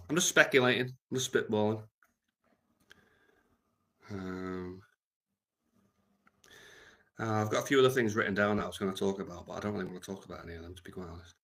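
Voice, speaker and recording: Guy rambling on his livestream, deadpan, lots of ums and trailing off. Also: deep voice. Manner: deadpan, mumbling with many ums. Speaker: livestream host.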